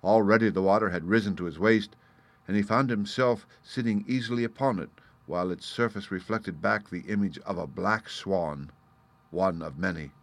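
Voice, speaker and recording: A man reading a folk tale aloud as an audiobook narrator, in a measured, expressive storytelling manner. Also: low voice, dry recording. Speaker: audiobook reader.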